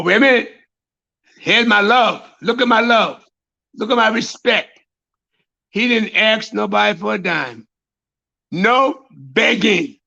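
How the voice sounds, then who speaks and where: A man preaching as a high priest, repeating phrases and building to shouts, on a dull lo-fi recording. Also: creaky. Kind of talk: sermon.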